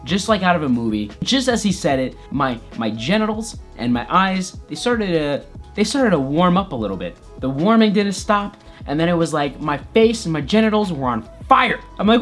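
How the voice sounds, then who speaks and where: A man's voice: on the high side, big pitch swings, moderate pace, fairly bright tone, faint music behind. A man vlogger narrating a comedic personal story in a playful, exaggerated way.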